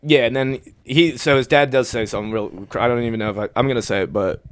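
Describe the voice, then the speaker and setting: A man in his thirties from New Jersey, a podcast guest telling a story in casual chat, laughing often and quoting people in animated bursts. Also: mid-range voice, quick pace, no echo. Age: 30s.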